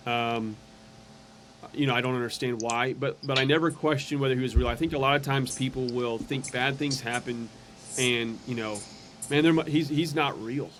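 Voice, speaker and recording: Man, mid pitch, earnest and conversational, sharing his testimony as a guest, faint noise behind. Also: steady tone, normal speed, fairly bright tone. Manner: earnest and conversational, acts out quoted voices. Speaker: podcast guest. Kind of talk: personal testimony storytelling.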